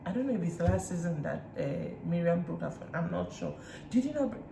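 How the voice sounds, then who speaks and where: A Nigerian woman recapping reality TV in a chatty way, retelling scenes with lively asides. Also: lowish voice, fairly quick, creaky. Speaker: reality TV reviewer. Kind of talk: casual recap chat. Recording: roomy room echo, faint hiss.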